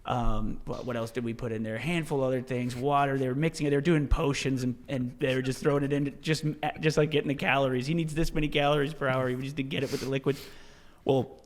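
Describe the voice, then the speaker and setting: A man telling a story as a podcast guest, in a casual, animated way, swearing freely and restarting his sentences often. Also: medium pitch, fast. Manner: animated, profane, many restarts and "dude". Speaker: podcast guest, ultra-marathon runner.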